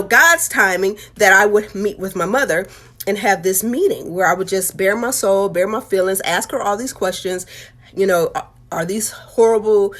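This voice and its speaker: A woman and author telling her life story in a candid, heartfelt, conversational way. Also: mid-range voice. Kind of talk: candid personal testimony.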